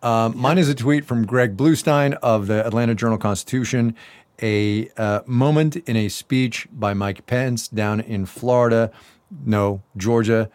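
A man's voice: mid-range voice, a little slow, a little mellow, dry recording. A man co-hosting a casual news chat show, wry and sarcastic, often repeating himself for effect. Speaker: co-host.

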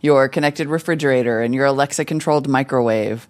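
A woman tech correspondent reporting remotely from a trade show, explaining industry trends in a lively, analytical way. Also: a bass voice, fast, no room sound. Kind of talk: conversational news interview.

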